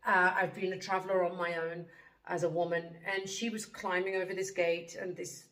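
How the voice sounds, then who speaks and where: A woman's voice: lowish voice, little pitch movement, normal speed, fairly bright tone, reverberant, rough recording. A woman delivering an earnest spiritual monologue to her viewers, speaking in emphatic declarations with frequent ums and restarts. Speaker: spiritual teacher.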